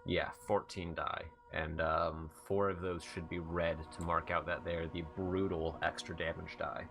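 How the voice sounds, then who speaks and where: A man narrating a tabletop role-playing game as game master, explaining dice and describing combat with many pauses and fillers. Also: low-pitched, creaky, music in the background. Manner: relaxed, halting, many fillers.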